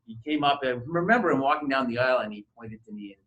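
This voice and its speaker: A man's voice: mid-range voice, lively intonation, fast, lo-fi sound. A middle-aged man speaking on a conference panel, telling his story in a hesitant, conversational way with many fillers and restarts. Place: university conference room.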